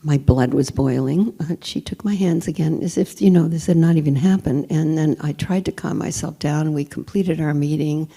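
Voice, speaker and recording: A woman's voice: low voice, moderate pace, creaky, few pauses, mellow, husky. A woman telling a personal story in a church talk, candid and emphatic, often searching for words. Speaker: speaker.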